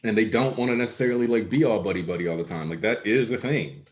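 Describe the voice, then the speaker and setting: A man's voice: on the low side, quick pace. A man co-hosting a casual discussion, explaining his points at length in an analytical way. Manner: analytical, talks in long explanations. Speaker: co-host. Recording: echoey room.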